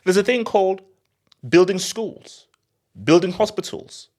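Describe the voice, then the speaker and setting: A young man hosting a football channel, talking in an excitable, laughing rant. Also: high voice, measured pace. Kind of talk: animated football commentary vlog.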